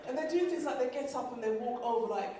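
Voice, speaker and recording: A woman's voice: sits high, fast, very noisy. A woman performing live stand-up comedy. She tells stories with energy, acts out her family members, and talks straight to the audience. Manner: animated storytelling, acting out family members. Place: large venue with a live audience. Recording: echoey, distant live hall with loud crowd.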